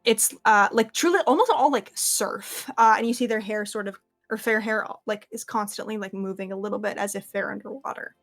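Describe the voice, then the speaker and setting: A woman's voice: mid-range voice, fairly quick, faint music behind. A young woman narrating a tabletop game as game master, rambling with lots of fillers. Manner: rambling, filler-heavy, casual.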